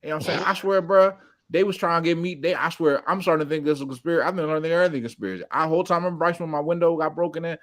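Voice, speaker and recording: A man's voice: a little high, steady tone, very fast. A man on a casual sports podcast panel, rambling through joking conspiracy talk.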